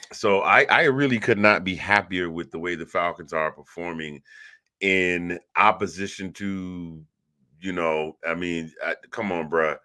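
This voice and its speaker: Man, low voice, bright forceful tone, casual sports talk, joking, stammering restarts. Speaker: show co-host.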